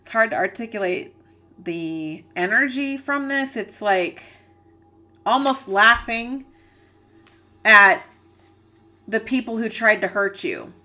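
Bright-voiced woman giving an earnest reading. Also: medium pitch, expressive, slow, long pauses, faint music behind. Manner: rambling, searching for words, many "like"s; emotional, earnest. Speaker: psychic reader. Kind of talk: channeled tarot reading.

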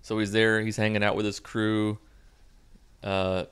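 A man's voice: on the low side, little pitch movement, unhurried, smooth. A young man hosting a podcast, recapping a movie in a sarcastic, profane, comic way. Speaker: podcast host.

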